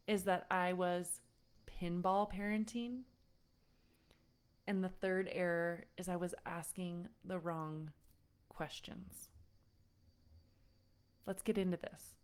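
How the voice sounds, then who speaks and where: A woman parenting coach teaching a live online session, telling a personal story and greeting viewers by name. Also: lowish voice. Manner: warm-up roll call, then storytelling with acted-out quotes.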